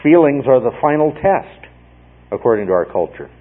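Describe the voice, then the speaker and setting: A man teaches a Bible study with a husky, slightly breathy voice at a middling pitch. He explains patiently and often pauses to check that his listeners follow. The sound is narrow and phone-like. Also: very animated.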